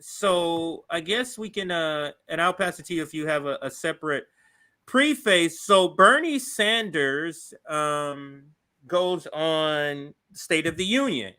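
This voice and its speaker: Co-host guy setting up a clip, high sharp bright voice, pretty measured. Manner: measured, sets up clips. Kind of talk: live-stream political commentary.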